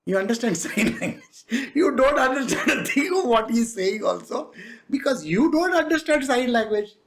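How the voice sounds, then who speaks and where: A spiritual teacher with an Indian English accent giving a devotional discourse in a lively, conversational way, often laughing, slipping in Hindi asides and acting out the people in the stories. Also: mid-range voice, moderate pace. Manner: animated, acts out quoted people.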